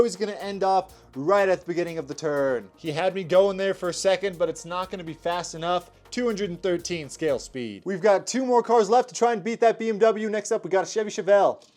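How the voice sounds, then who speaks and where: A young man with a high, bright-sounding voice calls toy car races play by play, energetic and quick to react. Faint music plays underneath his commentary. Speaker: toy car race host. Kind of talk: race commentary vlog.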